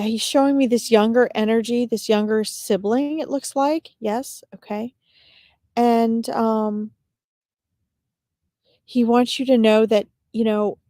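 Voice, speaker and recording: A woman giving a live-streamed psychic reading as a medium, talking in a gentle, reassuring way with frequent pauses and fillers. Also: on the high side, no room sound, studio quality. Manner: gentle, reassuring address to viewers.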